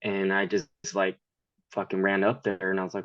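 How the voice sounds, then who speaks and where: A man's voice: low voice, steady tone, brisk, dry recording, highs cut off. A man in his thirties, a podcast guest, chatting casually in a blunt, profane way and laughing often. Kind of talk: casual chat.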